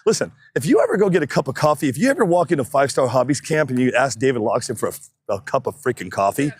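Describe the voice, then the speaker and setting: A man's voice: mid-range voice, big pitch swings, quick pace, breathy edge. A man announcing races on a live stream from an outdoor track, joking and chatty, wearing a body mic, a bit out of breath. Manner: joking, chatty, loud calls to the crowd. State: slightly out of breath. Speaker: race announcer. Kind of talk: casual live-stream commentary. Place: outdoor drag racing track. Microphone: wireless mic worn on body.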